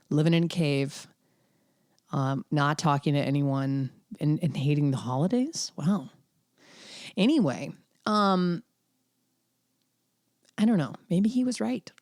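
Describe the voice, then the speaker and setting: A woman with a notably low voice hosts her podcast alone, chatting casually and candidly. She wanders from thought to thought with wry asides and plenty of fillers. The sound is close and dry, with no room around her. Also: a little mellow, no room sound. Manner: rambling, candid, wry, with frequent fillers and laughs. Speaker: podcast host. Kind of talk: casual solo podcast chat.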